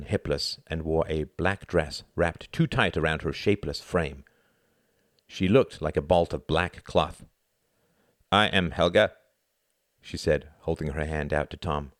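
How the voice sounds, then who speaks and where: A man narrating a novel as an audiobook in a measured, expressive storytelling manner. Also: very deep voice, no room sound, studio quality.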